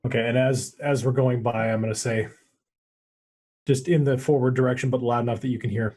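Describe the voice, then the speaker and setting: A man's voice: mid-range voice, steady tone, brisk, mellow. A man playing in a tabletop game, chiming in with wry, questioning asides. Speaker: player. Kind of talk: tabletop game play over voice chat.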